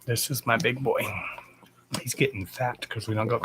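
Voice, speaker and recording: A man's voice: medium pitch, flat delivery, normal speed, a bit bright, a little hiss or hum. A man hosting a casual live stream, talking bluntly and with plenty of swearing, and breaking off to speak to his dogs. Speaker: live-stream host and dog owner.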